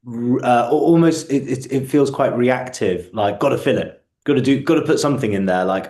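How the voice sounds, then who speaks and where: A man's voice: mid-range voice, moderate pace, darkish tone, roomy sound. A man hosting a book club video call, reflective and casual, often repeating words as he starts a thought.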